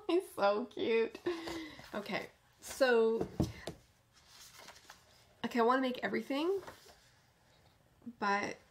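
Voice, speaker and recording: A woman hosting a knitting podcast in casual chat, gushing with enthusiasm and often dropping to a soft near-whisper. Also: medium pitch, creaky, slight background noise.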